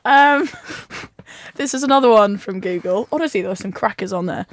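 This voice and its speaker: A woman's voice: medium pitch, expressive, brisk. A young woman hosting a casual radio interview, bubbly and giggling often. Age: young adult. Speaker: radio host.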